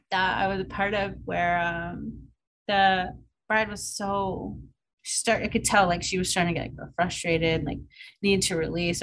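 A woman's voice: mid-range voice, a bit bright, a little hiss or hum, low-quality recording. Chatty laughing woman telling a story. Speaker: podcast co-host. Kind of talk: casual chat.

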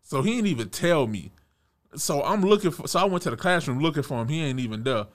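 A young man retelling a personal run-in in a casual storytime, animated, restarting his sentences and chuckling as he goes. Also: on the high side, fast.

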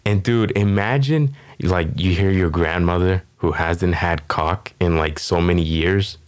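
A man's voice: sits low, unhurried. A man hosting a comedy podcast, riffing casually with a rambling, profane delivery full of fillers. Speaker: podcast host.

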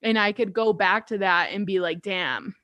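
A woman's voice: mid-range voice, fairly even intonation, moderate pace, pushed and bright, no room sound. A young woman hosting a podcast, chatting casually, saying "like" a lot and laughing often. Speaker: podcast host. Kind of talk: casual chat.

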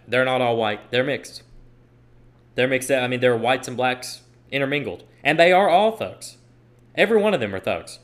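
A man's voice: medium pitch, a bit bright. Emphatic man giving political commentary. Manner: emphatic, repeats phrases for stress. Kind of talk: opinion monologue reading tweets aloud.

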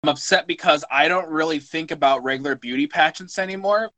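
Brief: man, casual podcast co-host, rambling, slightly higher voice. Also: fairly quick, pushed and bright, rough recording. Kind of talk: casual chat.

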